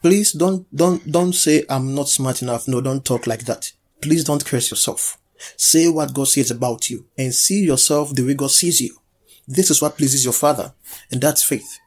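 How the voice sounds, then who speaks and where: A man's voice: mid-range voice, moderate pace. A man preaching a sermon, urging and leading the congregation in call-and-response. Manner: exhorting, leads call-and-response.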